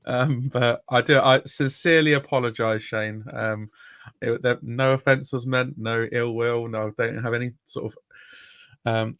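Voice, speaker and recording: A man hosting a casual sports podcast, rambling and joking in a relaxed way. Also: medium pitch, smooth, no room sound. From Britain. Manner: relaxed, rambling, mock-formal apologies. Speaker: podcast host.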